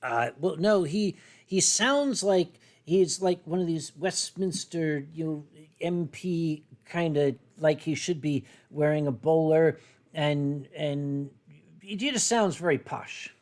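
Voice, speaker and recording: Drawing requests from his viewers, this livestream host rambles playfully and leans on fillers. He speaks slowly in a higher-pitched voice with a somewhat dark tone.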